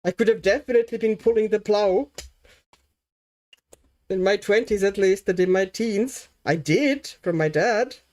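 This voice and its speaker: A woman from Latvia hosting a relaxed livestream, chatting easily, reading comments, and thinking aloud as she colours. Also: mid-range voice, normal speed. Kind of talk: casual livestream chat.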